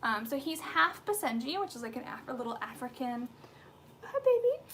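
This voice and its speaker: Brisk and a little high, with a sharp tone and lively intonation, this woman in her thirties from the US chats through a casual skincare livestream at home among her pets. She rambles, using many fillers and restarts, over a little hiss or hum.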